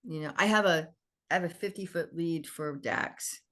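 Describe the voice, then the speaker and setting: A woman guest on a podcast, telling lively stories in casual chat and acting out what people said. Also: fairly low pitch, moderate pace. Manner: animated storyteller who acts out dialogue.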